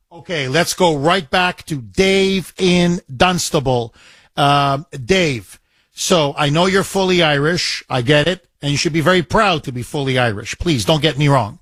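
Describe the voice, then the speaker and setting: A man's voice: a little high, a little slow, fairly bright tone, faint music behind. A man hosting a talk radio call-in show, pressing his points with repetition and rhetorical questions. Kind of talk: talk radio, taking calls. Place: radio studio.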